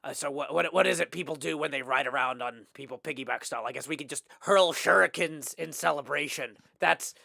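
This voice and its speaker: A man's voice: a little high, brisk, creaky, hardly any pauses, bright, forceful tone, no echo, full character voice. A man putting on a drawling cowboy voice for a rambling mock victory speech, full of hesitant "uh" fillers. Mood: folksy. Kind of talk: mock acceptance speech on a livestream.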